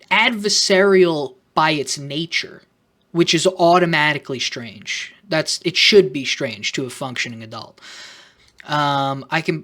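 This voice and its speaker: A man's voice: on the high side, a bit bright. Guy rambling sarcastically on his vlog, lots of self-conscious little asides. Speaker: YouTuber. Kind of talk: off-the-cuff vlog commentary.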